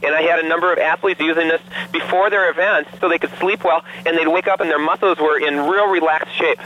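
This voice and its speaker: Bright-voiced doctor on a phone line. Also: male voice, fairly high pitch, steady tone, brisk, slight background noise. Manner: earnest testimonial storytelling with fillers. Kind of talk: promotional radio interview.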